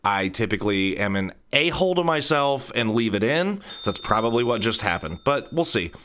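A man's voice: mid-range voice, sing-song, normal speed, fairly bright tone. A man from central Ohio hosting his own podcast, rambling through a casual solo monologue full of self-mocking, jokey asides. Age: adult. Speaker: podcast host.

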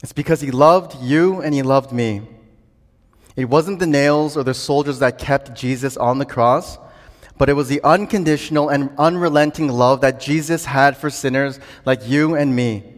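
A male preacher delivers an earnest sermon in a middle-pitched voice. He builds steadily toward emphatic, ringing declarations. A long hall reverb trails his words. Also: normal speed.

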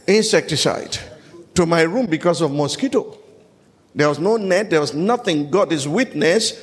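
A male pastor preaching with a high, gravelly voice. He tells stories in a steady rhythm and breaks into loud shouted peaks. The sound rings out with a long hall reverb. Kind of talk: sermon.

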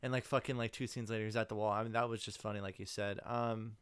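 A man's voice: lowish voice, level tone, a bit bright, clean tone, no room sound, clean studio sound. A young man co-hosting a podcast, talking casually with swearing and teasing. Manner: fast, casual, profane, teasing. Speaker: podcast co-host. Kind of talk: casual chat.

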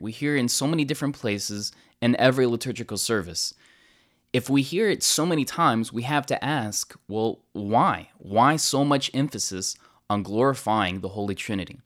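Man, mid-pitch, earnest church teacher explaining a hymn, slows down on key words. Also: fairly bright tone. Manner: earnest, with many restarts and slow stresses on key words.

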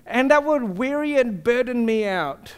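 A pastor gives a sermon in a notably high voice, expressive, unhurried, and smooth. Earnest and personal, he poses one rhetorical question after another to the congregation.

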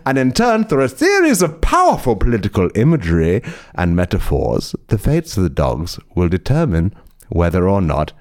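Guy reading silly stories, super lively up and down, swears a lot. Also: medium pitch. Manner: excitable, swearing, laughs at own jokes. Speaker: comedian storyteller. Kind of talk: comic story reading on a podcast.

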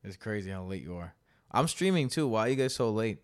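A man's voice: fairly low pitch, sing-song, a little fast, smooth, dry recording, clean studio sound. Earnest young man in casual chat. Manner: earnest, stumbles and repeats words. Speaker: podcast host.

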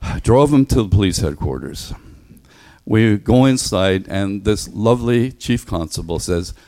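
A man giving a sermon in a relaxed, anecdotal storytelling manner that closes in prayer. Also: on the low side, unhurried. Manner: conversational, anecdotal, acts out voices in stories. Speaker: preacher.

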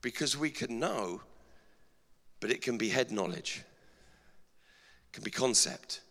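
A middle-aged male pastor delivering an energetic sermon in a church, asking the congregation rhetorical questions. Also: mid-range voice, measured pace. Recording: long hall reverb.

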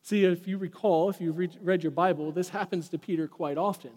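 A man preaching a sermon as pastor, animated and conversational, with quick asides to the congregation. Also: high-pitched, big-room sound. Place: church sanctuary.

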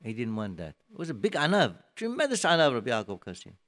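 A man giving a sermon, telling a story emphatically and swinging between soft and loud, with many restarts. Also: medium pitch, huge pitch swings, quick pace. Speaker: rabbi giving a talk.

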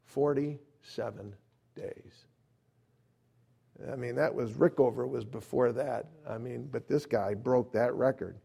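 A man preaching a sermon as an evangelist, telling a personal story, acting out quotes and swinging between loud emphasis and quiet asides. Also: mid-range voice, fairly even intonation, moderate pace, vocal fry, hardly any pauses, slightly rough.

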